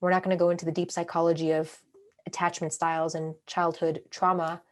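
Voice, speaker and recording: A woman coaching a group on a call, speaking calmly and reflectively, sometimes acting out her own inner thoughts. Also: lowish voice, a little fast. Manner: calm, reflective, acts out inner monologues.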